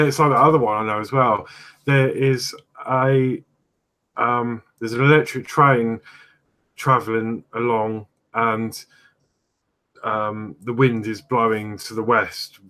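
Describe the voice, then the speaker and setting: A man co-hosting a casual chat, answering with short quiet replies. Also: mid-range voice, steady tone, slow. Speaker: co-host.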